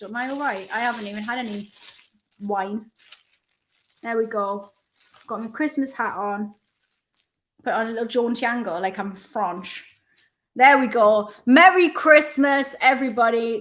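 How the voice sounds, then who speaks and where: A woman's voice: on the high side, a bit bright. Woman host, casual live chat, rambling and self-mocking, chatty and kind. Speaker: livestream host.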